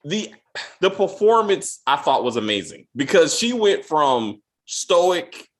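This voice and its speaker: A man hosting a casual film review chat, profane and animated, often stumbling and restarting as he acts out quotes. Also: a little high, slow. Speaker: podcast host.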